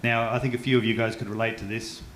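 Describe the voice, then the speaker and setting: An Australian man performs a stand-up comedy set on a club stage, self-mocking and chatty, tripping over his words. His voice sits at an ordinary middle pitch. The club sounds roomy, with faint noise behind him. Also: flat delivery, fast talker, fairly bright tone. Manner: chatty, self-mocking, with frequent stumbles and fillers.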